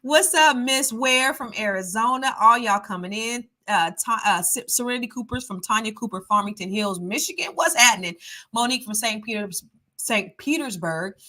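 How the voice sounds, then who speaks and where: A middle-aged woman hosts a casual livestream chat in a slightly high voice with a sharp tone. She's a naturally fast talker who is consciously trying to slow herself down.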